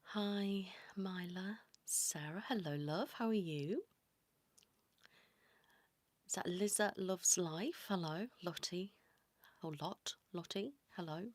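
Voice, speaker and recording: A woman whispering softly into a close mic for an ASMR livestream, greeting viewers one by one. Her pace is very slow and unhurried, her voice sits a little low, and the sound is dry and intimate. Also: no echo. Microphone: close sensitive mic.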